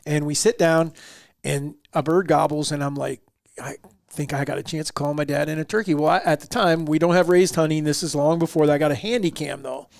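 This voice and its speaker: Male podcast host, gravelly, dry close sound, lively storyteller. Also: fairly high pitch, brisk, no room sound. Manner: animated, acts out quotes in the story. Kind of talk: casual storytelling.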